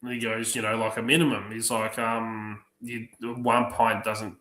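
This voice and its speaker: A man telling profane, lively stories on a livestream, acting out the other people's lines. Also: fairly low pitch, a little slow. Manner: profane, animated anecdotes acting out other voices. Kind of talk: casual storytelling on a livestream. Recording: roomy echo.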